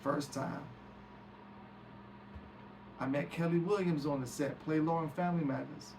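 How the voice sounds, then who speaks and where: A man's voice: fairly high pitch, steady tone, unhurried, a little mellow. A man recounting a story as a guest, acting out quoted speech and swearing freely. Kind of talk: animated storytelling. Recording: distant mic with background hiss.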